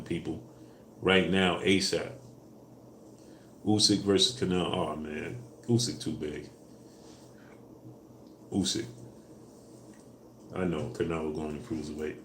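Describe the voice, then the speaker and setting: A man hosting a casual live stream, answering viewers in a relaxed way with fillers, louder when asking for likes. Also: rumbling low, unhurried, long pauses, slight background noise. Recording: echoey room with faint ambience.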